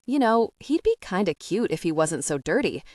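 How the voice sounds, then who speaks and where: A woman's voice: on the low side, big pitch swings, normal speed, a little mellow, no room sound, studio quality. A woman narrator voicing a brash, protective young female witch who talks bluntly and sassily. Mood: feisty. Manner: blunt, sassy. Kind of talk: audiobook character reading.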